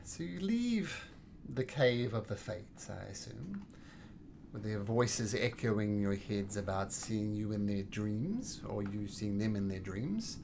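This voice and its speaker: A woman running a tabletop game as game master, narrating in a relaxed, chatty way. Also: rumbling low, takes it slowly, gravelly, slight background noise.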